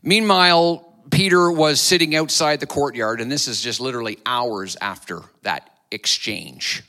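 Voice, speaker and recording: A man's voice: mid-range voice, moderate pace, bright, forceful tone. A man preaching a sermon to his church, retelling a story dramatically and acting out the voices. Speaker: pastor.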